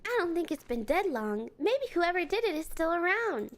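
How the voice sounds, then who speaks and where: A woman's voice: very high voice, big pitch swings, normal speed. A young adult woman streaming a game with casual, playful commentary, chatty and swearing freely.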